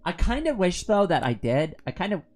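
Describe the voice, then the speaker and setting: Rambling woman streamer, lowish voice. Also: very animated, a little fast, darkish tone, soft background music. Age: 40s. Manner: rambling, heavy use of "like", laughs often. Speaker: live streamer. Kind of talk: casual chat reading viewer comments.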